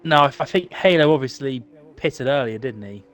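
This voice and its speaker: A man's voice: mid-range voice, lively intonation, normal speed, a bit bright, a little hiss or hum. A British man co-commentating a sim race, chatty and tripping over his words. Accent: British English.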